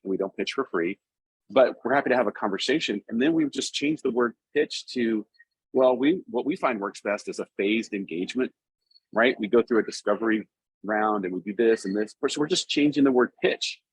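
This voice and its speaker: A man hosting a casual group discussion, relaxed and halting at times, reading comments aloud. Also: fairly low pitch, husky, dry recording, rough recording.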